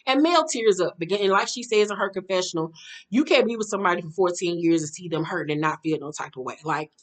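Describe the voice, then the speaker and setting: A woman's voice: on the low side, fast talker. A woman hosting a casual reality TV recap, blunt and profane, laughing and acting out the people she quotes. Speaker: reality show recap host.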